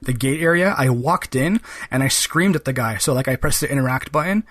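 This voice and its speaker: Here the podcast host's voice sits mid-range and fairly bright, and he talks fairly quickly. He's casually discussing a game, wandering from point to point and filling gaps with "like" and "kind of."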